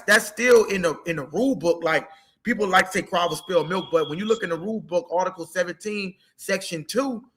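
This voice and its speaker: A man's voice: high-pitched, bright, forceful tone. A man ranting heatedly about football in a casual sports talk, profane and emotional. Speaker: co-host.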